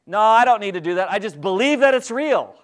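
A man's voice: sits high, expressive, a little fast, pitched above the performer's own voice. A man voicing a stubborn woman who won the lottery but refuses to cash her ticket, in an insistent, self-assured way.

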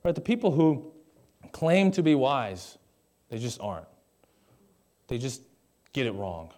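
Preaching to a live congregation through a stage mic, a young male pastor keeps his sermon conversational, with jokes on the side and questions put to listeners. He speaks at medium pitch, very animated yet unhurried, with a slightly mellow quality.

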